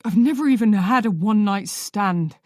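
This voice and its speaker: A woman's voice: mid-range voice, normal speed, darkish tone, no echo, lightly acted. Lady reading a reckless desperate dude behind the wheel, pushy and pleading, dead dry audio. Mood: insistent. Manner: pleading, insistent. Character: reckless, desperate man rushing a van.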